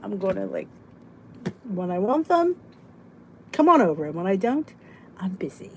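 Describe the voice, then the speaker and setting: A woman's voice: mid-range voice, big pitch swings, moderate pace, slight background noise, poor audio. Sleepy chatty middle-aged woman. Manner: chatty, joking, breaks into laughs and soft whispered asides. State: sleepy, yawning. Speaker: host of a weight loss support chat. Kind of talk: casual live chat reading viewer comments.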